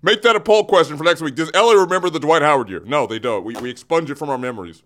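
This is a comedic in-character sports rant from a radio studio, recorded on a studio mic. The male host sounds a little high and a bit bright, talking fast with lively intonation. He plays it theatrical, keeps interrupting himself, and often breaks into giggles.

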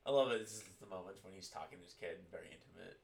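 A man chatting casually about a movie, swearing freely, laughing and shouting out lines from the scenes. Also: deep voice, rapid-fire, gravelly. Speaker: podcast co-host. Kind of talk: casual movie review chat.

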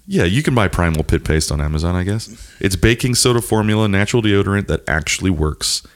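A man in his thirties hosting a casual comedic podcast chat, telling crude stories about his wife and mimicking her. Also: quick pace. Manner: animated storytelling, mimicking his wife in a high voice. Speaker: podcast host.

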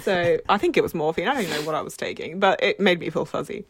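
A woman's voice: lowish voice, quick pace, breathy edge, dry recording, studio quality. A young woman co-hosting a podcast, telling awkward stories in a casual, self-deprecating way. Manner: awkward, self-deprecating storytelling with frequent laughs. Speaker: podcast co-host. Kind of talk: casual chat.

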